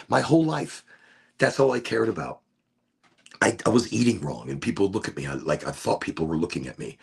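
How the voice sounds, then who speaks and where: A middle-aged man with a low, raspy, gravelly voice, talking in a loose, profane ramble. His pitch rises and falls a lot as he wanders from thought to thought. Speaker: podcast host. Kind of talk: rambling casual monologue.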